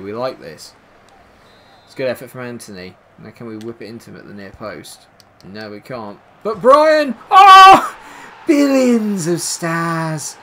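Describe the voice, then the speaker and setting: A man casually commentating his own football video game, muttering through menus and yelping high when chances come. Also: slight background noise. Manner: swings from quiet mumbling to excited high-pitched yelps at goals. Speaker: gaming commentator.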